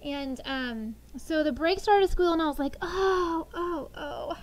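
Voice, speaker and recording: A middle-aged woman teaching a sixth grade class, talking lively and telling funny family stories to the students. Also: sits high, normal speed, rough recording. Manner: lively, animated storytelling. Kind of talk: classroom lesson with storytelling.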